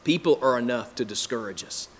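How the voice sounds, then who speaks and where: Emphatic preacher in a reverberant hall. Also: male voice, mid-range voice, animated, brisk, husky. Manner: emphatic, repetitive preaching rhythm. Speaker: pastor. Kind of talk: sermon.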